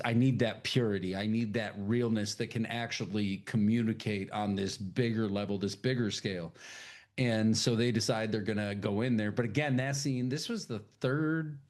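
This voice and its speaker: A man co-hosting a podcast, casually recapping a film scene by scene in a loose, profane storytelling way. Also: lowish voice. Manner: loose, profane storytelling that slips into quick impressions of characters. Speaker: podcast co-host.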